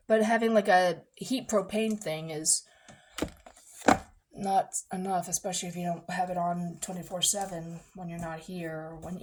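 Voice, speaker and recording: In her rambling, casual vlog, a young massage therapist chats in an animated way. She performs quotes and now and then lowers her voice to a mutter.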